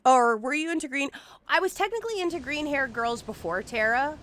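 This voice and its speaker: A woman's voice: high-pitched, lively intonation, fairly quick, a bit bright, no room sound. A woman in her forties, a game streamer, chatting casually and swearing now and then while she plays. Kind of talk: casual live-stream chat. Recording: faint music behind.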